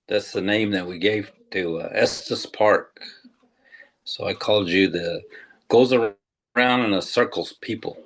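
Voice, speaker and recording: An older man, a tribal historian, telling a legend slowly and deliberately to an audience, with pauses. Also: on the low side, vocal fry. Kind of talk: storytelling talk.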